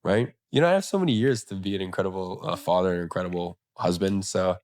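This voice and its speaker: A man with a low voice gives a relaxed interview answer. He speaks quickly and thinks aloud with small fillers. The sound is dry and close. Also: no echo.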